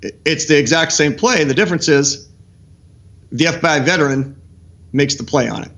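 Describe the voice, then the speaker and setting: Animated coach, fairly high voice. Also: male voice, normal speed. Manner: animated, excitable, restarts often. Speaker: football coach, guest analyst. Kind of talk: film breakdown on a live stream show.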